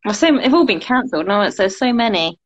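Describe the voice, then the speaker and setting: A woman hosting a relaxed livestream chat, answering briefly and laughing lightly. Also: mid-range voice, fast, highs cut off. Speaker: host artist. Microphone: phone on a live video call.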